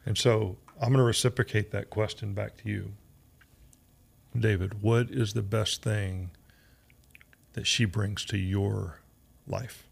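Male podcast host, gravelly voice, teasing and quick to laugh. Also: lowish voice, fairly even intonation. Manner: teasing, emotional, laughs often. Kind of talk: casual interview chat.

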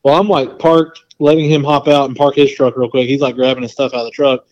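A man in the middle of a long, rambling story, full of "like" and quoted back-and-forth. His voice sits at an ordinary middle pitch. The recording sounds a little dull and lo-fi. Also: level tone, quick pace, darkish tone. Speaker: podcast guest. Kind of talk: casual storytelling.

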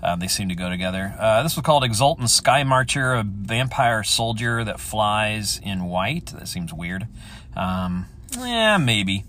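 A man's voice: on the low side, expressive, a little slow, a bit bright, a little hiss or hum. A man hosting his own podcast, thinking aloud in a rambling, enthusiastic way as he chats on his own. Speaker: podcast host. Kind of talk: casual solo chat.

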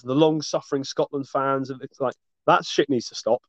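A man's voice: fairly high pitch, brisk, darkish tone, no echo. A man co-hosting a casual sports chat, talking with passion and swearing freely. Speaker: podcast co-host. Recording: dull lo-fi dry recording.

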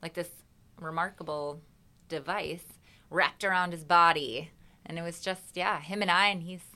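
A woman's voice: lowish voice, steady tone, normal speed, sharp tone. A woman, a singer, chatting as a guest in an interview and acting out her own reactions as she tells a story. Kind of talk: casual interview chat.

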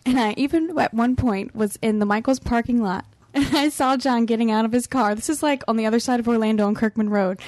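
A woman's voice: a little high, brisk, hardly any pauses, a little mellow, no echo. A woman on a podcast team telling a story in a casual chat, laughing often and acting out the lines she quotes.

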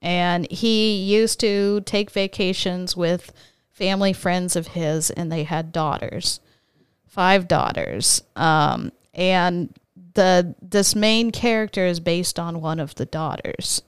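A young woman chatting on a podcast in a relaxed, filler-heavy way. Her voice sits on the low side and comes through very clean and crisp. The sound is dry and close, with no room around it. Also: takes it slowly, no room sound. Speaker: podcast co-host. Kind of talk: casual chat, reading quotes.

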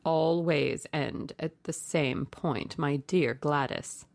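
A woman's voice: low-pitched, takes it slowly, creaky, darkish tone, dry recording, exaggerated voice. A woman reading the part of a languid, cynical aristocratic man with an ironic drawl.

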